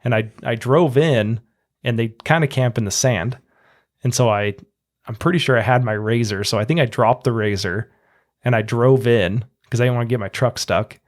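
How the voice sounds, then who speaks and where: Podcast host guy, average pitch, chatty, does the voices in his story. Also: moderate pace. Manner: chatty, acts out quotes in a raised voice. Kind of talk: casual storytelling chat.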